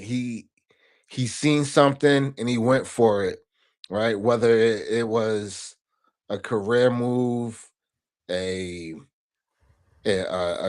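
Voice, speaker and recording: A man speaking as a podcast guest, earnest and reflective, often tagging his points with a questioning "right?". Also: lowish voice. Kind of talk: casual interview conversation.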